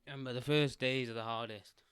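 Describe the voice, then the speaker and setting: A man's voice: medium pitch, fairly quick, clean tone. A man sitting in a chair, giving casual self-help advice into a desk microphone in a loose, rambling way with lots of fillers. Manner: rambling, lots of "like", restarts, relaxed. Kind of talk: casual solo advice talk.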